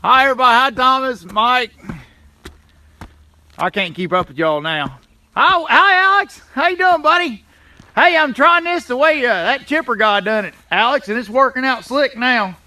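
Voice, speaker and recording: A man's voice: very high-pitched, animated, moderate pace, bright, forceful tone. Folksy, chatty man. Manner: folksy, chatty, greets viewers by name. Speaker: livestreaming channel host. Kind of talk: casual live stream chat. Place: home, walking around the yard outdoors. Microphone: phone held in hand.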